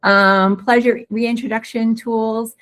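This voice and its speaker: A woman who is a pelvic floor physical therapist, co-hosting a webinar and explaining recovery in a quick, excited, casual way with many restarts. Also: fairly high pitch. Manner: fast, excited talker with frequent restarts.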